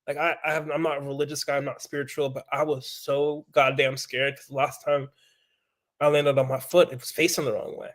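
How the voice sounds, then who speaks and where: This man, a professional mountain biker, speaks in a slightly high, brisk voice. Chatting casually, he tells a lively story full of swearing and performs the quoted lines in character.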